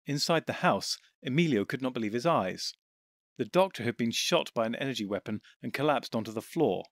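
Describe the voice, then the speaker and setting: A man narrating an audiobook in an even, steady storytelling voice on a close mic. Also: mid-range voice, a little fast, dry recording.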